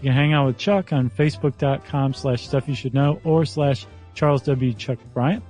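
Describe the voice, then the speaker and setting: A man co-hosting a podcast in casual chat, making friendly quick asides and reading out contact details. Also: mid-range voice, a little mellow, soft background music. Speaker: podcast co-host.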